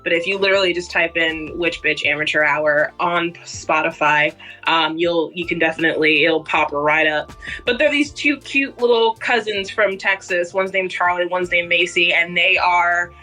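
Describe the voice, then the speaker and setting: A woman co-hosting a late-night podcast chats loosely, rambling and giggling. Her voice sounds bright and forward. Faint music plays underneath. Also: lowish voice, steady tone, moderate pace. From Boston. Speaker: podcast co-host. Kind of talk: casual chat.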